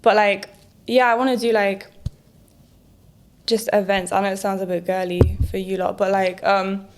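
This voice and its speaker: A woman's voice: mid-range voice, flat delivery, moderate pace, slight background noise. A young woman, chatting casually on a podcast in long, rambling turns. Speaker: podcast co-host. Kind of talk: casual chat.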